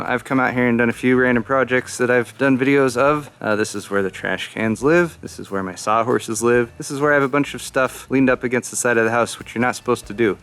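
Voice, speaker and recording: A man's voice: medium pitch, a bit bright, clean tone. Chatty man touring his side yard. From Southern California. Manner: chatty, self-deprecating, jokey. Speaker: YouTube host. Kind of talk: casual vlog walkthrough. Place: outdoor side yard of a house.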